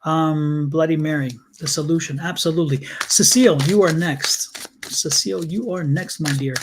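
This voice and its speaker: A man with a somewhat high voice gives live tarot readings and talks earnestly, circling back and repeating phrases as he speaks to viewers by name. A faint hiss of noise sits under his voice. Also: normal speed. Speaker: tarot reader.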